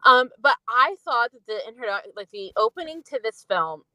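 A woman's voice: on the high side, animated, moderate pace, pushed and bright, dry recording, rough recording. A young woman chatting casually as a podcast co-host, rambling and filling her talk with "like". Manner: rambling, fills speech with "like". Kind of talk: casual film review chat.

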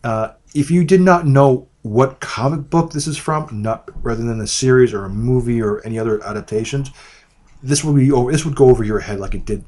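A man co-hosting a casual movie review podcast, talking in rambling, halting bursts with frequent restarts. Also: mid-range voice, a little mellow. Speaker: podcast co-host.

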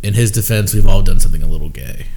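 A man's voice: sits low, lively intonation, fast, dark tone, slight background noise. A young man co-hosting a podcast, rambling and joking in casual chat, full of fillers. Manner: rambling, jokey, filler-heavy. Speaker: podcast co-host.

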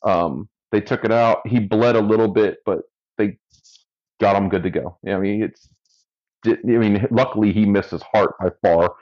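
A man's voice: fairly low pitch, normal speed, dull audio. A man, a firefighter and paramedic, casually telling a story from his job in a dry, amused way. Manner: relaxed, dry storyteller who laughs at his own story.

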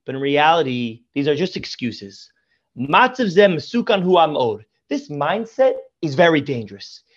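Man, rabbi guest, high-pitched voice, effusive storyteller, dull lo-fi sound. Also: sing-song, normal speed. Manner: effusive, repeats praise often. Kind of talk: Torah teaching and storytelling.

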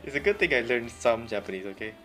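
A man's voice: medium pitch, animated, fast, bright, forceful tone, soft background music. A tipsy young man co-hosting a podcast, stammering and swearing through laughing late-night banter. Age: young adult. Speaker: podcast co-host. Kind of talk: casual late-night chat.

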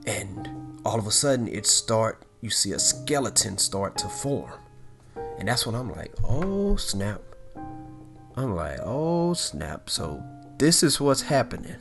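A man casually recapping a horror movie, animated and excitable, full of fillers and asides. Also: lowish voice, a little slow, gravelly, music in the background. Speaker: movie reviewer.

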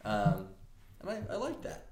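A man in casual chat as podcast co-host, upbeat and chatty, talking in quick bursts. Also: lowish voice, wildly swooping pitch, roomy sound, heavy background noise.

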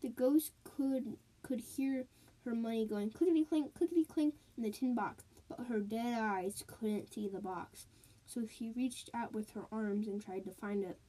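Slow woman storyteller, pitched a bit high, sing-song ghost tales. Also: warm tone, poor audio. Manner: sound words and sing-song repetition. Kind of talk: spooky storytelling.

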